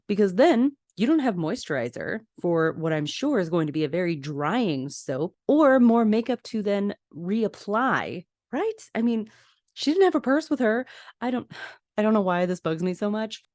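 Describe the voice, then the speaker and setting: A woman hosting a podcast, casually recapping a TV episode in a chatty, expressive way, mixing plot narration with her own opinions. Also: medium pitch, no echo, studio quality. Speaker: podcast host. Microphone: podcast microphone.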